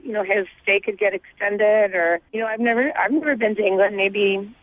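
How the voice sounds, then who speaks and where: A woman's voice: mid-range voice, brisk, no echo. Gushing chatty woman on the phone. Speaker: radio caller. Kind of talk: phone-in call. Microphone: telephone. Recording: tinny phone line.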